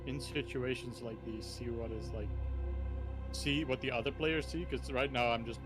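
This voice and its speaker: A man playing a tabletop game, asking quiet, unsure questions. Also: mid-range voice, steady tone, moderate pace, music in the background. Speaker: player. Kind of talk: casual chat.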